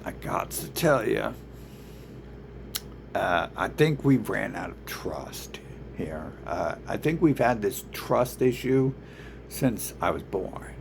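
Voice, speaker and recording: A man's voice: fairly low pitch, expressive, slow pace, gravelly, background noise. A man ranting in a rambling, profane monologue, swearing constantly and restarting his sentences. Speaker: vlogger.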